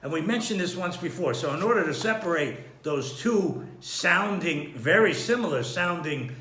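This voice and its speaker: A man giving an unhurried Torah study lesson, thinking aloud with frequent restarts and throat-clearing. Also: fairly high pitch, animated, a bit bright, echoey room, slight background noise. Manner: clears his throat often. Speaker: Torah teacher.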